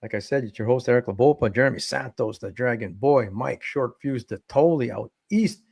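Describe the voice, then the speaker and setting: A man's voice: mid-range voice, fairly quick, creaky, a little mellow, slightly rough, no room sound. A man hosting a casual fishing podcast, rambling and laid-back, calling everyone "man". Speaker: podcast host. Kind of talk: casual chat. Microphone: desk podcast mic.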